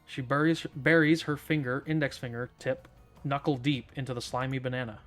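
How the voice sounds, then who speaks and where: A man's voice: medium pitch, fairly even intonation, fairly quick, a bit bright, faint music behind. A man streaming a dramatic visual novel read-aloud, narrating in a theatrical, smug first-person voice.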